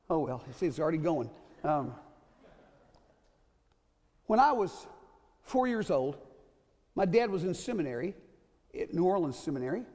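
High-voiced older preacher in a reverberant church. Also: male voice, a little mellow. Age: 60s. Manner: folksy, repeats key points, asks the congregation "okay?". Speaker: pastor. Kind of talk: sermon. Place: church sanctuary.

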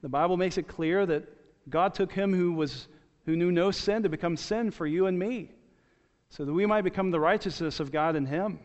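A man's voice: high voice, normal speed. A man preaching a sermon as pastor, earnest, repeating his key points and restarting phrases. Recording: dull sound with long church reverb.

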